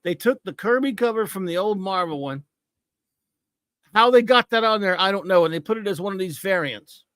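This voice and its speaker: Scornful high-voiced American man ranting. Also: lively intonation, brisk, a bit bright, clean tone, dry recording, clean studio sound. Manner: scornful, mocking, repetitive rants. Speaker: comics talk show host. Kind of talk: ranting comic review.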